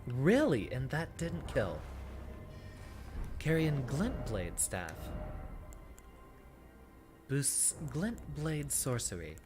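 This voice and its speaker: A man's voice: medium pitch, big pitch swings, extremely slow, pauses often. A man streaming a video game, chatting with viewers in a playful, theatrical way. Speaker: VTuber streamer. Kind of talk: casual gameplay commentary. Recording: game music behind.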